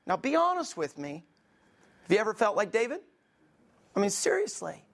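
A man's voice: high-pitched, wildly swooping pitch, normal speed, vocal fry, a bit bright. A man preaching a sermon as a pastor, impassioned and conversational, often turning to the congregation with questions.

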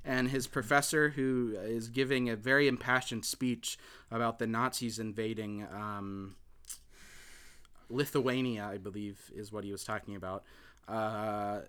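Bright, clear-voiced man rambling through a film recap. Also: fairly low pitch, steady tone, unhurried. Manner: rambling, hesitant, many filler words and restarts. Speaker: podcast host recapping a film. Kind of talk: casual film recap chat.

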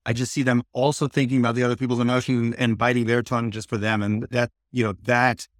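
A man's voice: medium pitch, flat delivery, quick pace, no room sound, clean studio sound. A man hosting a podcast as a doctor, talking casually and rambling as he searches for his words. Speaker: podcast host, oncologist. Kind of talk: casual conversation.

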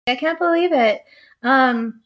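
A woman's voice: sits high, unhurried, dull audio. Young woman, lots of "like" fillers. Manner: hesitant, filler-heavy, laughs often. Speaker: astrologer guest. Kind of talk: casual chat.

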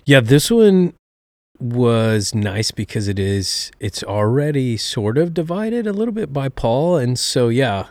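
A man who is a pastor, talking about his preaching in a relaxed, reflective way with many fillers. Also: mid-range voice, slow pace, no echo. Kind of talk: casual chat.

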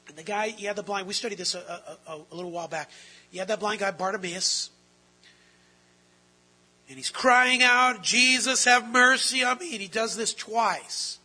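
Husky, bright-voiced male preacher. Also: high-pitched, normal speed, pauses often, rough recording. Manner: dramatic swings between quiet and loud. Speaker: pastor. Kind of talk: sermon.

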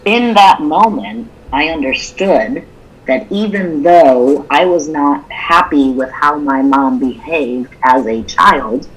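A woman's voice: deep voice, fairly bright tone, breathy edge, rough recording. A woman co-hosting a podcast, telling a personal story in a candid, open way during a casual conversation. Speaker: podcast co-host.

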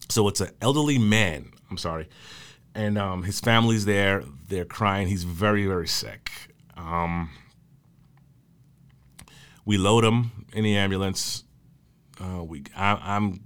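A man who works in emergency medical services, telling stories from his early days in a casual way, halting often with fillers and restarts. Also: low-pitched, fairly bright tone, smooth. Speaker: EMS worker recalling his career. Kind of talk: casual spoken storytelling.

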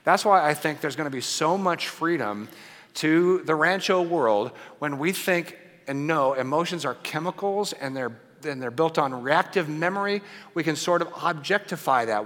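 A man preaching a conversational sermon, often checking in with his listeners and swinging between loud emphasis and hushed asides. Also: a little high. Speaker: pastor. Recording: long hall reverb.

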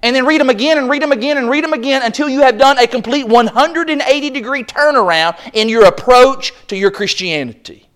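A man preaching a sermon at a church service, impassioned, building to loud exclaims and acting out the voices he quotes. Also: very high voice, brisk.

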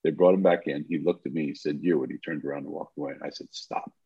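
A man's voice: very deep voice, fast talker, husky, dry recording. An older man, a podcast guest, telling a long story and acting out the dialogue as he goes. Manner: animated storyteller who acts out the dialogue. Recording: slightly muffled recording.

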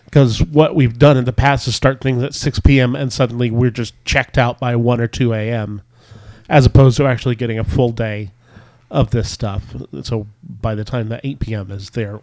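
A man's voice: medium pitch, darkish tone, no room sound. A worn-out man hosts a loose group conversation, wandering through his explanation with plenty of hesitations. The sound is dry and close, with no room around it. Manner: rambling, filler-heavy explanations. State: tired from staying up. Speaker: podcast host. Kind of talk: casual group chat.

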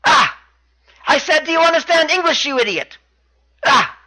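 A man's voice: very high voice, a little fast, pitched above the performer's own voice, rough recording. A man voicing an arrogant male wrestling champion who mocks and talks down to his rival. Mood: condescending. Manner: shouting, mocking, condescending.

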